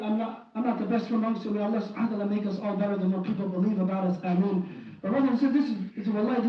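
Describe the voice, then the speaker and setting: Man preaching hard at friday prayers, lots of restarts, big booming hall echo, sounds far from the mic. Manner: fervent, pleading, many restarts and repeated phrases. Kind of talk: impassioned sermon. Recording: very echoey hall, distant and dull.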